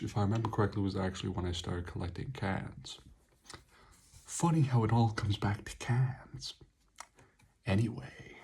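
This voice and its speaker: Husky young guy, sarcastic. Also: on the low side, darkish tone. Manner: sarcastic, swearing asides. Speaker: energy drink reviewer. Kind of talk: casual product review vlog.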